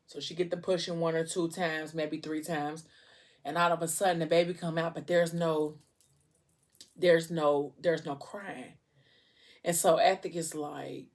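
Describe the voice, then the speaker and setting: Woman, lowish voice, expressive book-plot retelling, chatty. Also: moderate pace. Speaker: vlogger. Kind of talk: casual storytelling while eating.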